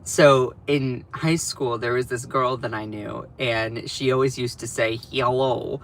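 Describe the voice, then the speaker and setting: A man's voice: mid-range voice, steady tone, a little slow, fairly bright tone, slight background noise. A young man hosting a casual livestream from home, chatty and rambling, self-deprecating, with laughs and restarts. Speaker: livestream host. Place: at home over breakfast.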